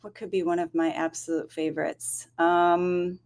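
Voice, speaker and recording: A woman's voice: on the low side, level tone, moderate pace, a little mellow. A woman guest who is a dietitian, talking casually in a chatty way with frequent fillers. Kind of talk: casual chat.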